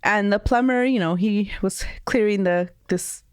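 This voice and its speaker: A woman's voice: medium pitch, unhurried, a little mellow, smooth, no echo, studio quality. A woman co-hosting a podcast who sounds congested, telling a story in a casual, giggly, rambling way. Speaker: podcast co-host.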